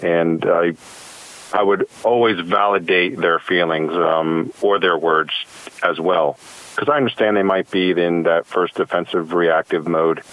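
A man's voice: low voice, steady tone, unhurried, a bit bright, low-quality recording. A man calling in to a coaching show, answering thoughtfully and agreeably with frequent ums. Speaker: caller. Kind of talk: call-in conversation.

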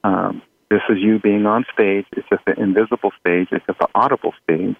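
A man, an audio engineer guest in an interview, talking in a relaxed way with frequent fillers and small laughs. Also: on the low side, a little fast, gravelly, slightly rough. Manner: relaxed, chuckling, many fillers. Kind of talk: conversational interview. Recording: tinny phone-like line.

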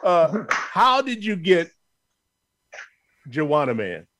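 A male interviewer with a fairly high voice talks slowly and haltingly. He repeats words while he searches for what to say. His pitch moves up and down a lot. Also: big pitch swings, fairly bright tone. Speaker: interviewer host. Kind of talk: casual interview.

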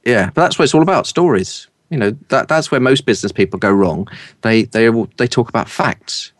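A middle-aged man from East London with a polished southern English accent, a broadcaster and speaker coach telling lively anecdotes in an interview. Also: medium pitch, dry recording, studio quality. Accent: standard southern English. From East London, England. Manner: lively, anecdotal, quick to laugh.

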